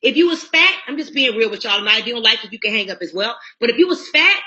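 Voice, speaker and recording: Woman, bright forceful voice, blunt preachy sales pitch over a dull phone-call line. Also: lively intonation, fast. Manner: blunt, preachy, talks straight to listeners. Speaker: network marketing recruiter.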